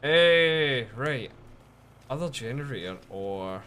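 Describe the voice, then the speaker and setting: A man giving casual, lively commentary while streaming a game, chatting with viewers and swearing often. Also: lowish voice, normal speed, noisy background.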